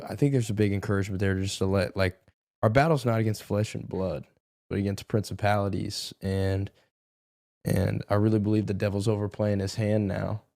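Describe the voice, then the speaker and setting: A man encouraging his guest in a casual faith conversation, talking haltingly. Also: fairly low pitch, a little mellow, dry recording, clean studio sound.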